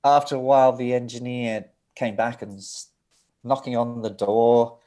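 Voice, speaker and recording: A middle-aged man, a producer guest, tells studio stories with a mid-pitched voice. He laughs often and breaks off into asides and restarts. The telling is loose and animated. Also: moderate pace. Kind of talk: anecdotal interview storytelling.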